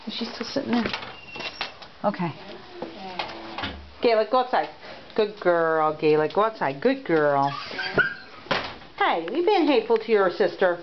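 A woman's voice: medium pitch, sing-song, unhurried, long pauses. A woman caring for foster dogs at home, narrating a home video and coaxing the dogs along in a sing-song voice. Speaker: dog foster caretaker. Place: home, in and out of doors. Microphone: handheld camera. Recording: dull lo-fi camera audio with loud noise.

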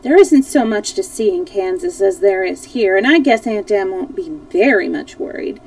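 A woman's voice: medium pitch, expressive, normal speed, a little mellow, distant mic, close to an everyday voice, poor audio. A woman voicing a polite, curious little girl who speaks earnestly and with wonder.

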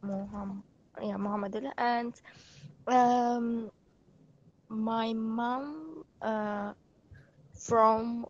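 Hesitant woman on muffled call audio. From Azerbaijan. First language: Azerbaijani. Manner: slow, hesitant, many pauses and fillers. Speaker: student. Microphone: video call. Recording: dull lo-fi call audio with faint rumble.

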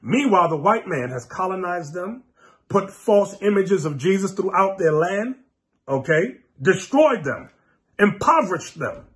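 A man preaching a fiery, mocking sermon, scolding his listeners with sudden shouts. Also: high-pitched, big pitch swings, a little slow. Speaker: preacher and teacher.

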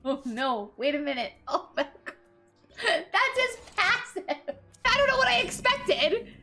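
A high, very bright woman's voice bounces around a lively range as she streams a card game. She yelps, swears and chatters to her chat with quick excitement. Faint game music runs underneath. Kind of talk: live gameplay commentary.

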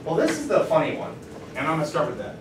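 A man teaching a math class, lively and encouraging, often asking the students questions. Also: on the high side, fast talker. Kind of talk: classroom lecture. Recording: roomy classroom from far off, faint noise.

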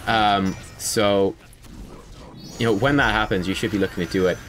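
A man's voice: on the low side, steady tone, moderate pace, fairly bright tone. A man giving casual gameplay analysis commentary, conversational and self-critical, with frequent fillers. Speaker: gaming video creator.

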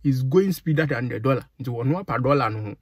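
A man's voice: medium pitch, animated, fast, slightly rough. A Ghanaian man giving exasperated, indignant commentary as a vlogger, slipping between English and Pidgin. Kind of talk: ranting commentary.

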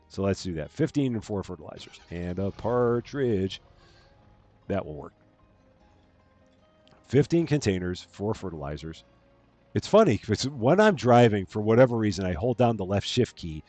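A man hosting a gaming livestream, chatting casually and rambling while he plays, his voice jumping up high and loud when he greets viewers. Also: no echo. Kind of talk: casual gameplay commentary. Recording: dry close mic with faint game music behind.

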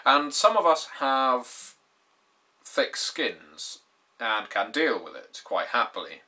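A man's voice: medium pitch, big pitch swings, slow pace, bright, forceful tone. A British man in his twenties hosting his gaming channel, talking to camera in a dry, sardonic way with wry humor. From Britain. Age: 20s. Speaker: YouTube gaming channel host. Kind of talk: casual to-camera talk.

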